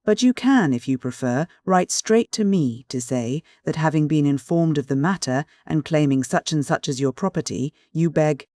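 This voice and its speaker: Male reader doing a calm, cold investigator with dry irony, higher-pitched, dry sound. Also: normal speed, few pauses, no echo, natural voice. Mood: cool. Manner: calm, cold, faintly ironic. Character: cool, ironic middle-aged male investigator.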